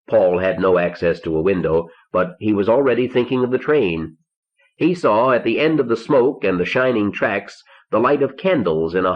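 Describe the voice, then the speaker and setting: A man calmly narrating an audiobook, reading in a measured, deliberate way in a studio. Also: deep voice. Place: recording studio. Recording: dull lo-fi 1970s cassette recording.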